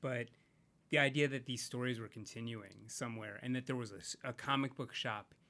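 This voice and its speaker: Speaking brisk and forceful, this man has a mid-range, steady voice that's gravelly yet bright. He's a comics creator guesting on a podcast, musing casually through an interview with frequent fillers and false starts.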